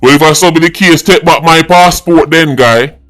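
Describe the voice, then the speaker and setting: A man's voice: on the high side, normal speed, a bit bright, soft background music. Indignant Jamaican man, patois-laced vlog rant. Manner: indignant, mixes patois with English. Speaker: vlogger host. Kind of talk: opinionated commentary vlog.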